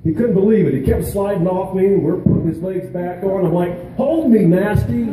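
A veteran speaking at an outdoor charity gathering, his voice deep and mellow in tone but pitched a little high. He talks haltingly, with pauses and fillers. The sound is echoey and distant, with a faint hiss behind. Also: fairly even intonation. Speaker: veteran and peer mentor. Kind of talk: emotional speech at a charity event. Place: outdoor event in a canyon.

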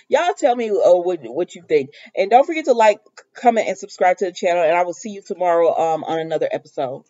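A woman's voice: lowish voice, fast, dull audio. Chatty woman acting out a soap recap. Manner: animated retelling, acts out characters' lines; laughs often while talking. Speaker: soap opera reviewer. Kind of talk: casual recap chat.

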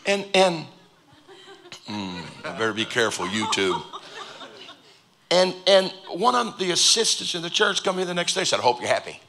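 A man preaching a sermon in a church, joking with sudden loud outbursts and quiet asides. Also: fairly high pitch, background noise. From United States. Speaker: pastor. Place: church auditorium.

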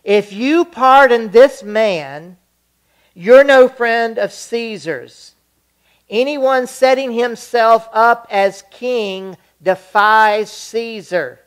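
A reader shouting as an angry crowd. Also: drawn-out words, smooth. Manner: shouted, raised pitch. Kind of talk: scripture reading.

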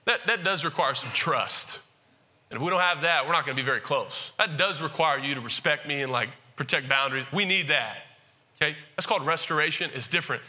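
Man, pastor, sermon, bright and forceful tone, slightly high voice, chatty asides to the congregation. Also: a little fast. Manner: conversational, animated preaching with asides to the congregation.

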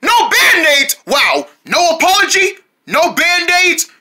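A performer voicing a pet fox who is quick to take offence and complains in a whiny way. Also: very high-pitched, sing-song, bright, forceful tone, voice pushed up, exaggerated voice. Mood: sulky. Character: touchy, sulking pet fox.

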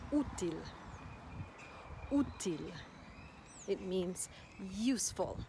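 A woman teaching Spanish to expats, speaking slowly and repeating each word carefully in an upbeat, encouraging way. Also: medium pitch. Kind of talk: language lesson. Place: outdoors in a city park. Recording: outdoor noise, birds and traffic.

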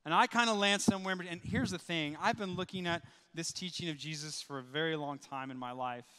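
A man with a high, bright, forceful voice delivers a sermon, throwing himself into the story and voicing the people in it. His words carry through a large church hall with a long, ringing reverb. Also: fairly quick, clean tone. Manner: animated storytelling, voices quoted characters. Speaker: pastor. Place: church sanctuary.

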